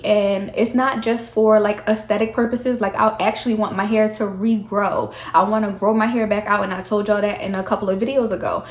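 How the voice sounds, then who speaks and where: A young woman, talking candidly to camera in a casual vlog, her voice a little shaky from the cold. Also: mid-range voice. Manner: chatty, candid, addresses viewers as y'all. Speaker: vlogger. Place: chilly room at home. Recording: echoey room.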